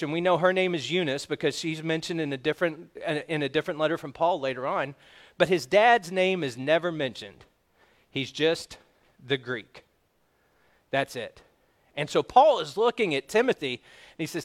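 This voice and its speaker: High-voiced man preaching conversationally. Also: fairly bright tone. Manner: conversational preaching with acted quotes and asides. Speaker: pastor. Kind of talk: sermon.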